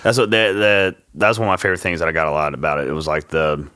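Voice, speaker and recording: A man's voice: very deep voice, flat delivery, fast, bright, forceful tone, no room sound, clean studio sound. A man co-hosting a casual horror-movie podcast, enthusiastic and agreeable and given to rambling. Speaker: podcast co-host.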